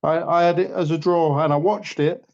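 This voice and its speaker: A man's voice: fairly high pitch, steady tone, moderate pace, creaky, darkish tone. A man chatting casually about boxing on a podcast, blunt and passionate, swearing freely. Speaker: boxing pundit. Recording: dull lo-fi audio.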